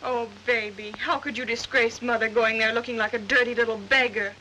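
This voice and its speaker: A woman's voice: fairly high pitch, steady tone, fairly quick, pushed and bright, a little hiss or hum, low-quality recording. Genteel, distressed young mother. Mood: upset. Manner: refined, distressed. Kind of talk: 1930s film acting.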